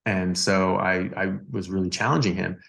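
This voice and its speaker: A man with a deep, gravelly voice tells a story as a doctor guest on a podcast, talking at normal speed. His delivery is animated and loose, circling back with fillers and repeated words.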